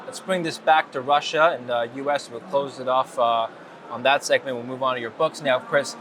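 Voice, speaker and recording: A man's voice: mid-range voice, steady tone, moderate pace, slight background noise. A man working as a news anchor, interviewing a guest with direct, probing questions.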